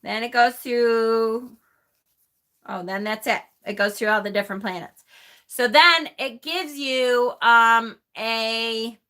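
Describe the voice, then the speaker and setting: A woman's voice: on the high side, slow pace, bright, forceful tone. A woman hosting a live stream in a chatty way, laughing often as she reads aloud and answers her chat. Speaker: host of a tarot channel.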